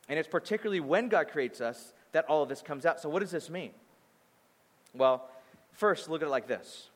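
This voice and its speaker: A male pastor preaching a sermon in a conversational, animated way, mixing teaching with casual asides and stories. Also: high-pitched. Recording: long hall reverb.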